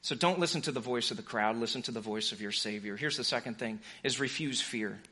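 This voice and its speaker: A man preaching a sermon as pastor, passionate and urgent, swinging between fervent pleas and hushed, quiet lines. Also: mid-range voice, fairly quick, slightly rough.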